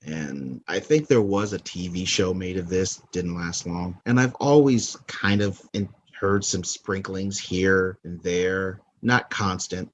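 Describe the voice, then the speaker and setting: A man's voice: deep voice, slight background noise. A man hosting a podcast, chatting frankly and casually about favorite movies, swearing now and then and laughing at his own jokes. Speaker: podcast host. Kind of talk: casual movie countdown commentary.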